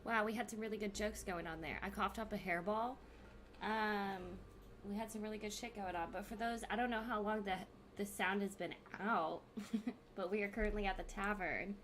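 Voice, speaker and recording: A woman's voice: mid-range voice, steady tone, moderate pace, a bit bright, faint music behind. A woman hosting a tabletop game stream, chatting casually with players and viewers. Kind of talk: casual tabletop role-play chat.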